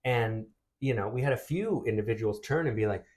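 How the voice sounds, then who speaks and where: An American man from the United States, co-hosting a podcast in a halting, rambling way with many fillers. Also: medium pitch, darkish tone. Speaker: podcast co-host. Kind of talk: casual chat.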